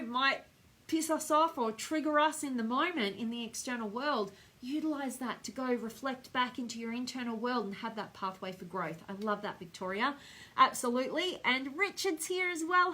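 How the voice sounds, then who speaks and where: A middle-aged woman with an Australian accent, hosting a live stream and gushing warmly as she reads out viewer comments. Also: sits high. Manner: effusive, gushing with affection. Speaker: host.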